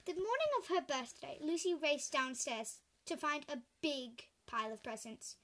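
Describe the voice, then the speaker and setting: A woman with a high, bright voice reads children's picture books aloud. She reads slowly and clearly, with lots of expression. A faint hiss runs under the recording. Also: lively intonation. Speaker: storyteller. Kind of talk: reading children's stories aloud.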